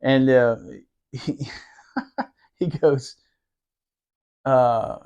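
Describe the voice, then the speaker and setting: A man in his forties, a Marine veteran running a podcast, speaks with a clean, medium-pitched tone, extremely slowly and with many pauses. His storytelling is casual and animated, heavy on swearing and laughter.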